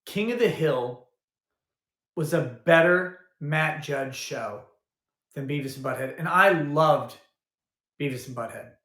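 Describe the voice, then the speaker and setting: A man's voice: fairly high pitch, animated, slow pace, long pauses, pushed and bright. A man hosting a casual livestream, rambling and thinking aloud as he goes, often restarting his sentences. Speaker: livestream host. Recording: roomy echo.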